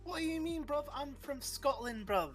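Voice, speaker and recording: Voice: sits high, expressive, moderate pace, over music. A player putting on a crude, exaggerated British accent as a rowdy character who tacks "bruv" onto nearly every line. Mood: boisterous.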